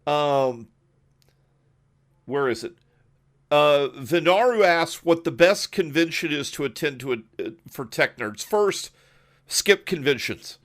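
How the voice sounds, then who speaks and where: A man hosting an online podcast, telling stories in a casual, animated way with frequent laughs and quick asides over a voice call. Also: on the high side. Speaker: podcast host. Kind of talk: casual storytelling chat.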